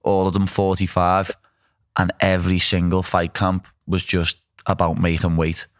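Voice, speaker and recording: A man's voice: deep voice, completely flat delivery, normal speed, no echo. A young man with a Liverpool accent hosting a casual chat, blunt and self-deprecating. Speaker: podcast host.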